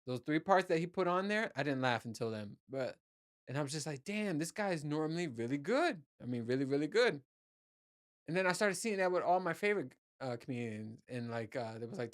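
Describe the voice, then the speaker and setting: A man hosting his own podcast, ranting casually and rambling, swearing freely and restarting his sentences often. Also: mid-range voice. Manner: profane, rambling, with many restarts and "you know"s. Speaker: podcast host. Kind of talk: casual solo podcast rant.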